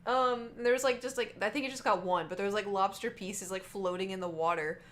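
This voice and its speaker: A woman's voice: mid-range voice, brisk, fairly bright tone. A young woman streamer rambling through work stories in a chatty way, full of "like" and restarts. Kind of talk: casual storytelling.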